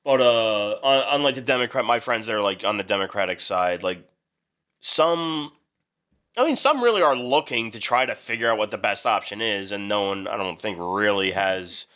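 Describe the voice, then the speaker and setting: A man's voice: lowish voice, expressive, moderate pace, pushed and bright. A man co-hosting a podcast from New Jersey, venting in casual political chat, exasperated and swearing, with many restarts. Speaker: podcast co-host.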